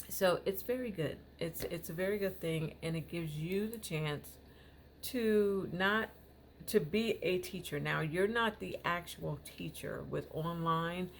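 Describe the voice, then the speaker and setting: A woman in her thirties speaking in a low, gravelly voice. She chats casually to her viewers as a parent vlogger, rambling and filling gaps with "you know." A faint hiss sits under her voice. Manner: rambling, filler-heavy, many "you know"s. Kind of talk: casual chat to camera.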